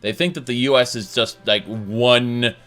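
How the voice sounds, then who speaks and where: Bright-voiced man rambling on a stream. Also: mid-range voice, steady tone, a little slow, soft background music. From Colorado. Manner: rambling, swears casually, many fillers. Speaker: stream host. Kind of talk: casual chat.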